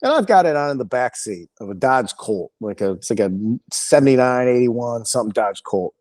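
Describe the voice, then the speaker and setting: A male comedian, a podcast guest, telling an animated, rambling and profane story with lots of restarts. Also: medium pitch, a little fast.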